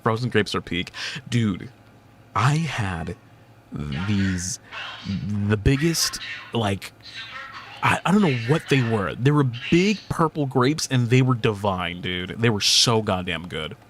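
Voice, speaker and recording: A young man streamer in casual chat, rambling and animated, swearing casually and laughing often. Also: fairly low pitch, slow pace, background noise.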